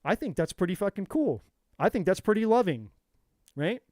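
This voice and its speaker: A man's voice: high-pitched, sing-song, normal speed, darkish tone, no room sound, studio quality. A man giving a spiritual talk on a live tarot stream, preachy and profane, repeating words for emphasis. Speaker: tarot reader.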